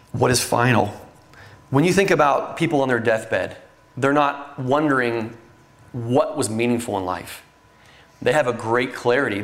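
Middle-aged guy preaching, earnest and chatty, lots of ums, mid pitch voice. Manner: earnest, conversational preaching with fillers. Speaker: pastor. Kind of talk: sermon.

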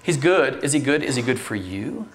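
A man's voice: medium pitch, big pitch swings, moderate pace. A middle-aged man preaching a sermon in an earnest, conversational way, with frequent fillers and restarts. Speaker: pastor.

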